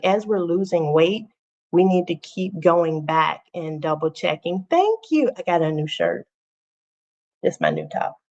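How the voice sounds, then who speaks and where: A woman's voice: lowish voice, highs cut off. A woman, a teacher, chatting casually to viewers on her livestream and repeating phrases for emphasis.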